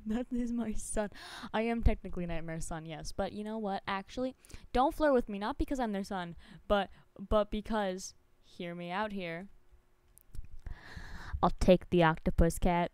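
Excitable woman streamer, dry close sound. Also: mid-range voice, measured pace, smooth, no echo. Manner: excitable and dramatic, with gasps, squeals and swearing. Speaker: Twitch streamer. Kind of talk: live-streamed gameplay chatter, reacting to chat.

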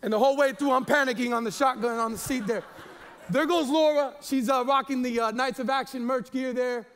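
A man's voice: extremely high pitch, steady tone, fairly quick, fairly bright tone. A man in his forties, a pastor preaching a sermon in a chatty, jokey way, stumbling over repeated words and fillers.

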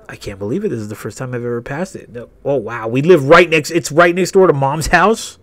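A man's voice: mid-range voice, a little fast, hardly any pauses, fairly bright tone. A man hosting a casual game walkthrough, rambling through personal stories and swearing a lot. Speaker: gaming video host. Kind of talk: casual let's-play storytelling.

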